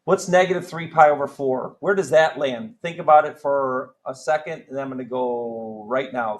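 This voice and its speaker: A man's voice: mid-range voice, moderate pace, hardly any pauses, rough recording. A man teaching a math class, joking around and quizzing students with countdowns. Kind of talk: classroom lesson.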